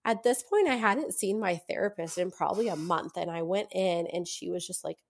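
A young adult woman telling her own story as a podcast guest, chatty, with lots of fillers and quick laughs. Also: fairly low pitch. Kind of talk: casual storytelling in an interview.

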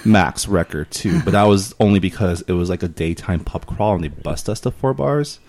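A man's voice: low-pitched, normal speed, a little mellow, no room sound. A man hosting a podcast, chatting casually and easygoing in a small studio on a mixer mic. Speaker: podcast host.

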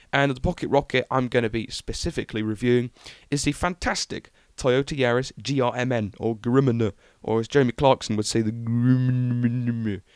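A man's voice: medium pitch, dry recording, studio quality. A young man hosting a podcast, chatting casually and enthusiastically about car news with lots of ums. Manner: rambling, enthusiastic, many ums. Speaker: podcast host.

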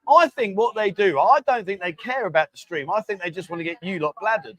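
A man's voice: high-pitched, animated, fairly quick, fairly bright tone, dry recording. A man hosting a casual livestream from a bar, chatting with the staff and reading out viewer comments. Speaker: livestream host.

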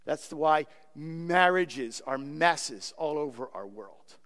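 Male pastor, high voice, earnest pleading sermon delivery, long hall reverb. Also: animated, slow, fairly bright tone. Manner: earnest, pleading, repeats words.

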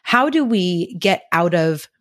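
A woman hosting a podcast, affirming her guest softly and asking reflective questions. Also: on the low side, expressive, takes it slowly. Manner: soft, affirming listener who asks reflective questions. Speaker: podcast host. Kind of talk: conversational interview.

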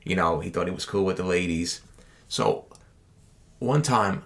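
A man's voice: low-pitched, measured pace, gravelly, a bit bright. A young man co-hosting a podcast, telling a story in casual chat and acting out the people in it. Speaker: podcast co-host.

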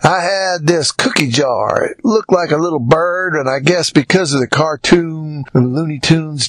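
Gravelly older Southern man, folksy. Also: fairly high pitch, fairly bright tone, no room sound. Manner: folksy, rambling storytelling. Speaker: podcast host. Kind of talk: casual monologue podcast.

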